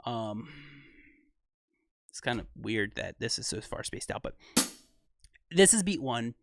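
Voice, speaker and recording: Young man, excitable, analytical, self-correcting, mid-pitched voice, dry close mic, casual breakdown commentary. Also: takes it slowly, no room sound. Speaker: music reaction channel host.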